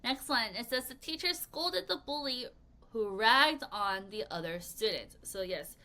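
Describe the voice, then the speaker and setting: A woman teaching English vocabulary in a lesson video, with a bright, clear voice pitched a little high. She keeps the delivery playful and expressive and has learners repeat each word back to her. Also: unhurried. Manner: playful, expressive, leads choral repetition.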